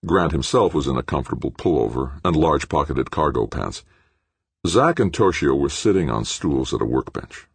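Male audiobook narrator, very low, husky, animated intonation, dry sound. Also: moderate pace, no room sound. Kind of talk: scripted narration.

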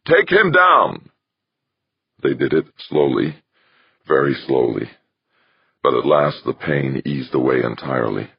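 A man reading a science-fiction novel aloud in steady, measured scripted narration. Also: a bass voice, creaky, breathy edge, no echo, dull audio. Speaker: audiobook narrator.

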